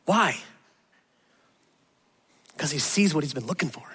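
A high-pitched male pastor preaching in an animated, earnest way. His bright voice carries a long reverb from a large church hall. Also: measured pace, long pauses, husky. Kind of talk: sermon.

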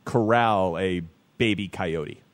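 A man's voice: deep voice, takes it slowly, background noise. A man hosting a sports radio show, bantering casually and laughing easily with his co-hosts.

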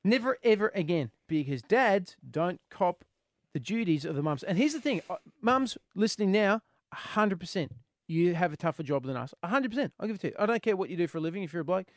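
A man hosting a radio show, telling a comic story with energetic, punchy exclamations. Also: high-pitched, fast talker, no room sound, studio quality. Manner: energetic, punchy exclamations, yells in retold scenes. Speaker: radio host.

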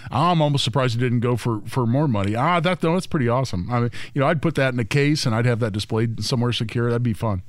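A man's voice: medium pitch, fast talker, few pauses, no echo. A man filling in as a radio co-host in a studio, talking emphatically with lots of stammered restarts. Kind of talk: casual talk-radio banter.

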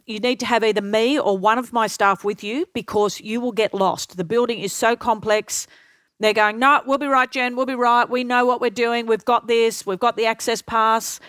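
A middle-aged woman telling lively anecdotes as an interview guest, acting out what others said. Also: medium pitch, no echo. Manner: lively anecdotal storyteller, acts out quotes. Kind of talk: storytelling interview.

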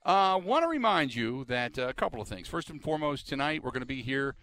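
Guy doing sports radio, lively up and down voice, keeps going come on come on, little bit of hiss. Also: medium pitch, fairly quick. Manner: emphatic, exasperated, repeats "come on". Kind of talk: sports talk radio monologue.

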